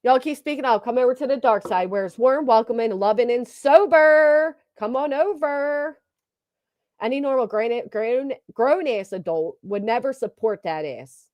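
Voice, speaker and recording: A woman with a slightly high, somewhat mellow voice reads her chat on a livestream and delivers gossip commentary at a normal pace, using a desk microphone. Her take is sarcastic, blunt, and packed with swearing, and the recording is dry.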